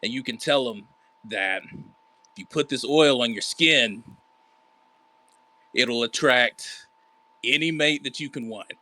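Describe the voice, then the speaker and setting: A man voicing a slick animal hustler character who puts on a fake accent to pitch a deal. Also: takes it slowly, long pauses, bright, forceful tone. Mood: hustling. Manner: smooth-talking salesman with a put-on fake accent. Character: slick smooth-talking male hustler character.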